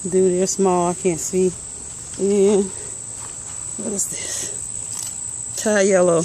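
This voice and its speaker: A slow-talking woman, out of breath as she walks her vegetable garden with a phone camera. Her voice is mellow and unhurried, and she mutters plant names half to herself. Faint crickets and insects hum outdoors behind her. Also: medium pitch, low-quality recording. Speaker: gardening vlogger. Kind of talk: casual garden walkthrough.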